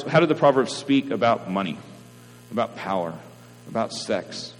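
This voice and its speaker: A man's voice: mid-range voice, normal speed. A man, preaching a sermon in a conversational way and often checking in with listeners. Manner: conversational preaching with frequent "right?" asides. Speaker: pastor. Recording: reverberant hall, mains hum.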